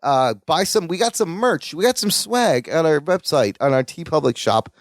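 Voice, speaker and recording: A man co-hosting a podcast, chatting casually about a sitcom episode. His voice sits high and swings widely, with lots of animated bounce. The sound is dry and close. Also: normal speed, no room sound. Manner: animated, acts out characters' lines in quotes. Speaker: podcast co-host.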